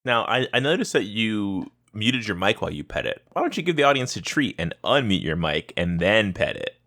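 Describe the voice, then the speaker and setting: A young man hosts a casual gaming podcast in a fairly low voice. His intonation swings widely as he tells stories, peppered with swearing. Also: fairly quick. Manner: swearing, animated storytelling. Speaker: podcast host. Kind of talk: casual chat.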